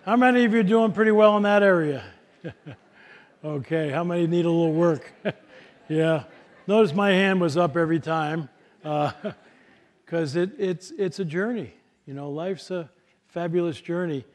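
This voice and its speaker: Older man, workshop speaker, folksy stories, slightly high voice, lots of uh and restarts. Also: measured pace, long pauses. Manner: storytelling, folksy, many fillers and restarts. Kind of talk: live talk to an audience.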